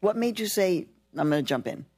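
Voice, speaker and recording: A woman's voice: lowish voice, animated, a little fast, a little mellow, husky. A woman hosting a live podcast interview, chatting and laughing easily. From Mexican heritage, lives in New York. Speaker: host.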